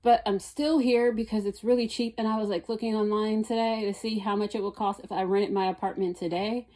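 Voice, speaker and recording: A young woman chats casually about her dating life, in a warm, mellow voice. She's blunt and rambling, piling one thought onto the next. She gets exasperated whenever she quotes people. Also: medium pitch, fairly even intonation, brisk.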